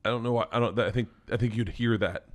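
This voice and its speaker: A man in his forties co-hosting a casual podcast, telling stories animatedly and acting out the quotes, with bursts of loud laughter. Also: fairly low pitch, fairly even intonation, fast talker. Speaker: podcast co-host. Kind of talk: casual storytelling chat.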